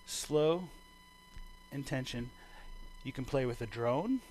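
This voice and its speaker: Mellow-voiced man teaching bass online. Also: slow, slight background noise, poor audio. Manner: relaxed, rambling, thinking aloud with fillers. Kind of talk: online music lesson over video call. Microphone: video call. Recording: bass guitar playing behind him.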